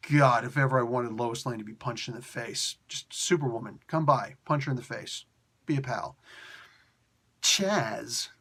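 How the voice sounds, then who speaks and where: Guy ranting about comics, sarcastic and fed up, mid-pitch voice. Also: normal speed, fairly bright tone, slightly rough. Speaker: comic book reviewer. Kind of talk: casual spoken review.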